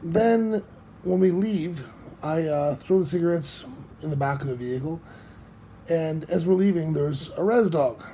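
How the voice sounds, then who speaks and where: A man's voice: on the high side, measured pace, mellow, a little hiss or hum. A man casually telling a personal story in a blunt, swearing manner. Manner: swearing, blunt anecdote with filler words.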